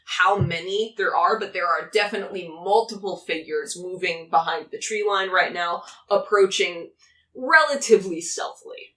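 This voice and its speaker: A woman runs a tabletop game in a bright, forceful voice that sits a little off the mic. She narrates casually and swears freely. Now and then she drops into quick put-on voices for townsfolk. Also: lowish voice, recorded from a distance. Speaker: game master.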